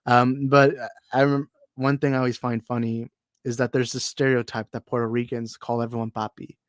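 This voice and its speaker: A young American man hosts a casual movie livestream, reading chat comments and riffing on them. He rambles, jokes, loses his place and laughs often, his voice sitting at an ordinary middle pitch. The sound is dry and close, from a desk mic at his computer. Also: level tone, fairly quick, no echo. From United States.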